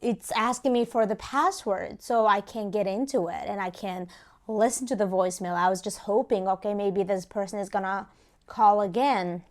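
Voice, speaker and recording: A woman's voice: mid-range voice, normal speed. A young woman chatting casually to her viewers, telling a story between bites of food and acting out both sides of a phone call. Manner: chatty, animated retelling with quoted voices. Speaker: food vlogger. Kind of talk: casual storytelling while eating.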